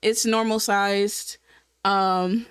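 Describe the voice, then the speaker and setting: A woman telling a casual story to camera in an animated, profane way, laughing often and checking in with the viewer. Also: mid-range voice, extremely slow, clean tone, dry recording. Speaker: storytime vlogger.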